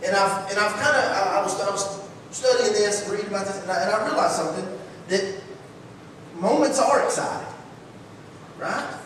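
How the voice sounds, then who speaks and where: High-voiced preacher in an echoey church. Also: male voice, normal speed, pauses often, a little hiss or hum. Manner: folksy, energetic, rhetorical questions. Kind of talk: sermon. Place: church sanctuary. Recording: echoey church hall, distant mic.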